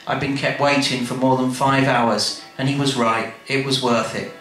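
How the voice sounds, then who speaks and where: A man reading his memoir aloud to a live audience in a bar, wry and animated, with quick asides. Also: medium pitch, soft background music. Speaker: storyteller. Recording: echoey live room, faint background noise.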